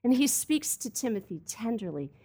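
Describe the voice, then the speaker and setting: A woman's voice: a little high, sing-song, normal speed, mellow, husky. A woman preaching a sermon in an earnest, emphatic way, speaking straight to her listeners. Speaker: Bible teacher.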